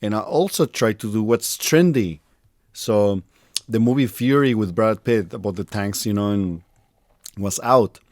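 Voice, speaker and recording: A man hosting a podcast, telling animated anecdotes and laughing at himself in casual conversation. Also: fairly low pitch, measured pace, no echo, studio quality. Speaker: podcast host.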